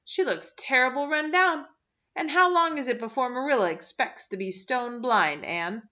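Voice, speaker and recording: A woman's voice: high-pitched, expressive, moderate pace, pushed and bright, lo-fi sound, pitched above the performer's own voice. A woman reading the part of a sour, gloomy woman of fifty-seven who talks in a scornful, clipped way.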